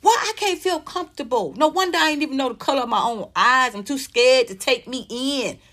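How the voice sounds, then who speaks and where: A woman's voice: sits high, fairly quick, a bit bright. A woman in her fifties giving emphatic, outspoken pop culture commentary. She reads posts aloud, reacts to them and swears freely. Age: 50s. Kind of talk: animated commentary vlog.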